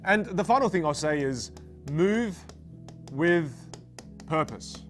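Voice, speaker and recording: A man's voice: a little high, lively intonation, takes it slowly, soft background music. A man teaching voice technique, explaining step by step. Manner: explains step by step, demonstrates with sung syllables. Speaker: voice coach. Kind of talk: teaching to camera.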